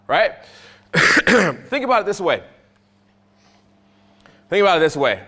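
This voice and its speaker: A man teaching a live dating seminar, telling stories in an animated, profane way. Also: high-pitched, takes it slowly, long pauses. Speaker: dating coach.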